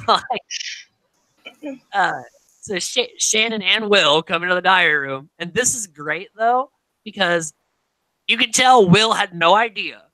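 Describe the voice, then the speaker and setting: Animated young woman recapping, lively pitch. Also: slow pace, long pauses, dry recording, low-quality recording. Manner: animated storytelling, acts out quotes, laughs often, swears casually. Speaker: podcast co-host recapping a reality show. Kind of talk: casual chat.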